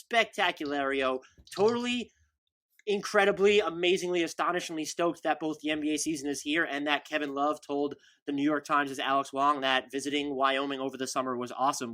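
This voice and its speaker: A man hosting a sports podcast, talking energetically with playful hype and rapid reads of show notes. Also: medium pitch, bright, forceful tone. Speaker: podcast host. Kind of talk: casual sports podcast talk.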